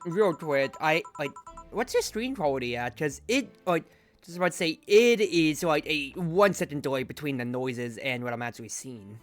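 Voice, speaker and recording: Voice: mid-range voice, lively intonation, moderate pace, faint music behind. A streamer chatting casually during a game, rambling with lots of fillers.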